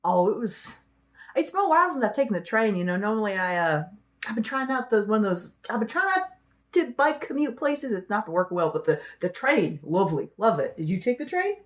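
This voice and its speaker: A woman's voice: mid-range voice, big pitch swings, fairly quick, natural voice. A woman voicing a huge, friendly male furbolg in a tabletop game, effusive and rambling with stammers. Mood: chatty.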